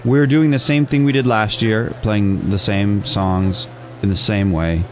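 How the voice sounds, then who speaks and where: Deadpan joking male musician guest. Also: lowish voice, measured pace, a little hiss or hum. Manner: dry, deadpan jokes. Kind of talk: joking casual chat.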